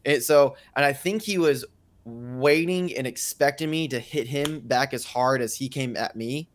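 A man's voice: medium pitch, unhurried, no echo. A man talking through a classroom example in a casual podcast discussion, thoughtful with frequent restarts. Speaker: teacher and podcast co-host.

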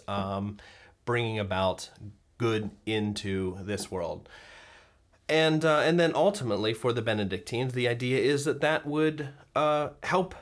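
A man hosting a talk on everyday spirituality, speaking thoughtfully with frequent fillers and restarts. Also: medium pitch. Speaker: host. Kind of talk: casual talk to camera on faith.

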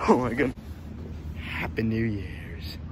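Brief: unhurried male gaming vlogger, chatty and jokey, mid pitch, noisy recording. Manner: chatty, excitable, jokey narration while exploring. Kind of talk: casual let's-play commentary. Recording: noticeable background noise.

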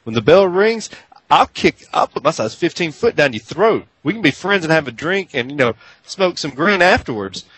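A man's voice: a little high, big pitch swings, moderate pace, a bit bright, slightly rough, dry recording, poor audio. A man from New Jersey co-hosting a wrestling radio show, brash and loose in casual banter. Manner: brash, trash-talking, loose. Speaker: co-host.

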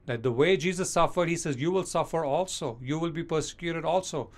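A man preaching a sermon as pastor, speaking emphatically and slowing down to read scripture verses aloud. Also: on the high side.

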